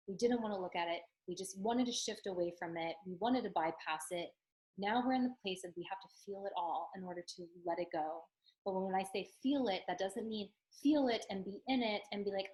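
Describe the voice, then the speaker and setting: A woman coaching her listeners in a relaxed, chatty teaching monologue. Her voice sits in a middle pitch, and she sounds earnest and encouraging. Her talk is loose and is filled with "like" and "um". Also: poor audio. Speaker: spiritual coach.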